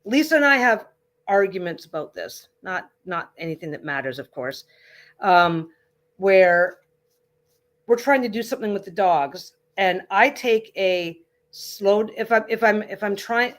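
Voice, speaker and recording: A woman's voice: mid-range voice, animated, a little slow. A woman hosting a livestreamed tarot reading, chatting casually in a reassuring, rambling way with frequent restarts. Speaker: tarot reader and livestream host.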